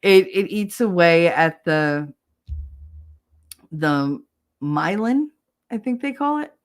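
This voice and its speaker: A woman from New Jersey hosting a casual livestream, chatty and animated, laughing often and jumping into loud high yelling when she acts out a scene. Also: slow. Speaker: livestream host.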